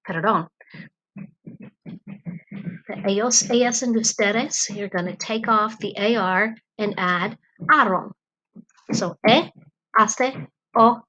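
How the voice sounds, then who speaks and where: A woman's voice: medium pitch, sharp tone, rough recording. A woman teacher narrating a grammar lesson from home, explaining patiently with ums and uhs. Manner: slow, patient explaining with fillers. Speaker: Spanish teacher.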